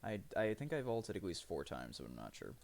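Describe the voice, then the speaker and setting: A man's voice: low-pitched, sing-song, a little fast, gravelly. A man streaming live, rambling through profane, self-mocking commentary as he plays.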